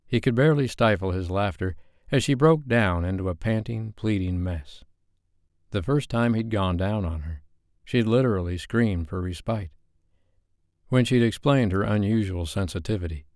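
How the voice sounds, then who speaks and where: A man narrating an audiobook in a measured, even storytelling manner. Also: low-pitched, no echo, studio quality.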